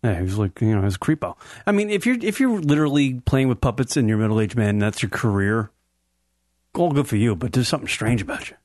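A man's voice: mid-range voice, expressive, fast, darkish tone, dry recording, studio quality. A young man co-hosting a casual, crude comedy talk show, rambling into brash, swearing rants. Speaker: co-host.

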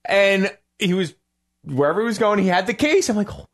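A man's voice: high voice, expressive, fairly quick. A man, co-hosting a casual podcast, reacting and joking with his friend. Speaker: podcast co-host. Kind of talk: casual chat.

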